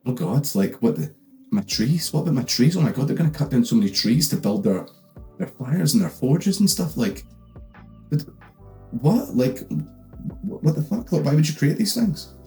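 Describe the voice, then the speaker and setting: Scottish guy doing a squeaky freaked-out nature goddess lady, swearing about her trees. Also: very animated, moderate pace, hardly any pauses, warm tone, faint music behind. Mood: outraged. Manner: panicky, indignant, swearing. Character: shrill, outraged female nature goddess.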